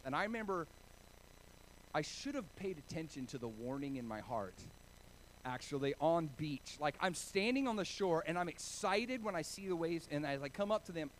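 A man from Oregon preaching a sermon, telling stories with animated, self-deprecating humor. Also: fairly high pitch, a little hiss or hum, poor audio. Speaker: pastor.

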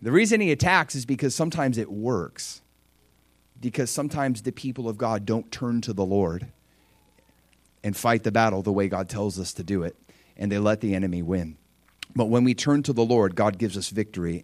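A middle-aged man preaching a sermon, animated, jumping into excited voices as he acts out scripture. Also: normal speed, dry recording. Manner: animated, acts out excited voices of God with big pitch jumps. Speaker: pastor.

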